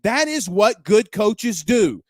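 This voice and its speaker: A man's voice: high-pitched, sing-song, slow, dry recording, clean studio sound. A man hosting a sports talk show, giving emphatic opinions and firing off rhetorical questions from home. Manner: emphatic, repeats points, fires off rhetorical questions.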